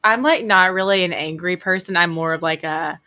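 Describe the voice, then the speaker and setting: A woman's voice: on the low side, normal speed, sharp tone. A young woman co-hosting a podcast, chatting casually and rambling through stories with lots of fillers and laughter. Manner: rambling storyteller, many fillers, often laughing. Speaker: podcast co-host. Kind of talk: casual chat. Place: Hawaii.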